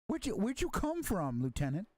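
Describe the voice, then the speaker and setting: A man voicing a gruff male military lieutenant who barks orders in a tabletop game. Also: sits high, wildly swooping pitch, moderate pace, dry recording, studio quality, pitched above the performer's own voice. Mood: commanding. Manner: barking orders.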